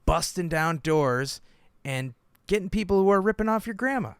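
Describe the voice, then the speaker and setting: A man co-hosting a podcast, telling stories in an animated, joking way and laughing often. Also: high-pitched, normal speed, clear, resonant tone, no echo, studio quality. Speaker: podcast co-host. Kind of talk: casual podcast chat.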